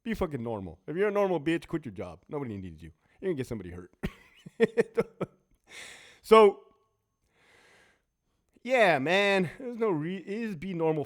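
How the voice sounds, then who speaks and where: A man's voice: mid-range voice, very animated, moderate pace. A man with a Californian accent, a former prison officer, tells profane stories in a blunt monologue and mimics other people's voices.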